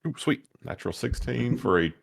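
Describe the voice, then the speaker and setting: A man playing a tabletop game, relaxed and thinking aloud as he plans his turns. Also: mid-range voice, a little fast, creaky, slight background noise. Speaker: player. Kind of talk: casual tabletop game play.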